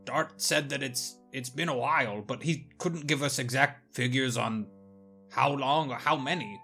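A man's voice: mid-range voice, moderate pace, gravelly, sharp tone, soft background music. A man narrating his character's actions casually in a tabletop game. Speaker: player.

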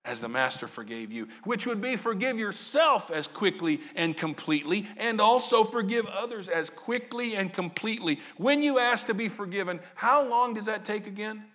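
Animated, bright-voiced male preacher. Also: high-pitched, normal speed, few pauses. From Southern Illinois. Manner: animated, asks the congregation questions. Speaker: pastor. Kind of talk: sermon.

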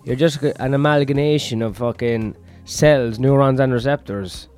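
A man's voice: mid-range voice, moderate pace, darkish tone, clean tone, faint music behind. A worn-out man hosting a rambling solo podcast, crude and self-mocking, swearing constantly. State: tired, run-down. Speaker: comedian podcast host.

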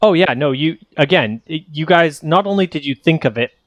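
A man's voice: fairly high pitch, expressive, fairly quick, no echo, lo-fi sound. A young man narrating a tabletop game as game master, loose and full of fillers. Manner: loose, filler-heavy, laughing often.

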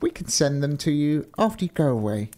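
A man's voice: sing-song, brisk, mellow. A man voicing a frightened, fawning male steward who is a terrible liar. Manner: high, pleading and wheedling.

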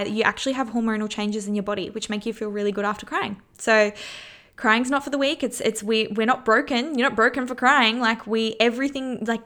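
A woman's voice: on the high side, fairly bright tone. A woman hosting a self-help podcast, talking earnestly in a casual coaching tone and swearing freely. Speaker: podcast host.

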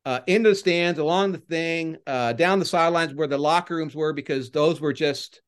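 An older man, a former baseball coach, chatting as a podcast guest and telling rambling stories that get animated when he retells crowd chants. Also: on the high side, normal speed, smooth. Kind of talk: casual podcast interview, storytelling.

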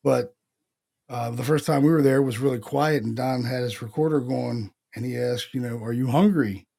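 Podcast host, male, gravelly, easygoing and loose with swearing. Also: medium pitch, steady tone, moderate pace, warm tone. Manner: laid-back, swears, laughs often. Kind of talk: casual chat.

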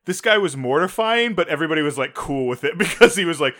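A man co-hosting a podcast in casual chat, his voice a touch high and brightly forceful. He tells stories with animation, jumping into loud shouted bits when acting out the people in them. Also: expressive, fast talker, few pauses. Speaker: podcast co-host.

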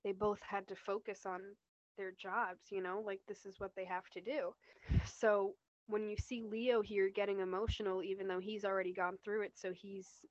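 Flat-voiced woman podcast co-host. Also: mid-range voice, moderate pace, no room sound, lo-fi sound. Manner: chatty, lots of "like" and "you know". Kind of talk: casual TV rewatch discussion.

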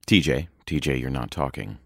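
Dude with a super deep voice, dry deadpan podcast banter, no room echo. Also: male voice, moderate pace, vocal fry. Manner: dry, wordy and mock-formal. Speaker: podcast co-host. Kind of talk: casual chat.

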